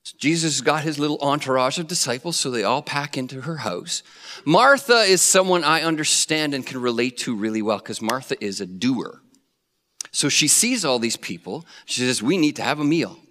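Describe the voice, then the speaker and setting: Bright-voiced preacher in a ringing hall. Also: male voice, medium pitch, normal speed. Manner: animated storytelling, acting out voices. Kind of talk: sermon. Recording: long reverb of a hall.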